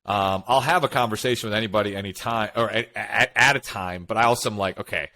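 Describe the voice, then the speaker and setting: A man's voice: fairly low pitch, fast. A man co-hosting a podcast, telling personal stories in casual chat and acting out what he and others said. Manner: animated storytelling, quotes himself and others. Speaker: podcast co-host.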